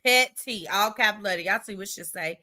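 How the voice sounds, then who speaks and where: Give me a playful woman livestream host, reading comments in a bright, lively voice. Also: mid-range voice, fairly quick. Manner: chatty, reads viewer comments aloud, playful. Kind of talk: casual livestream chat.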